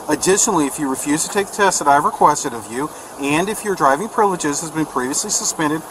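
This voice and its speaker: A male police officer at a roadside traffic stop, reading legal warnings in a steady, procedural way on a body camera. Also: a little high. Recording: loud outdoor noise on bodycam.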